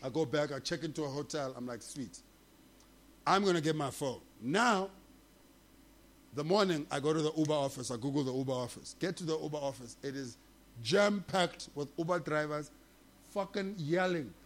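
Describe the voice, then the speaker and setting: A comedian, a guest telling an animated, profane story in casual chat, laughing often. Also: male voice, a little high, moderate pace. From South Africa.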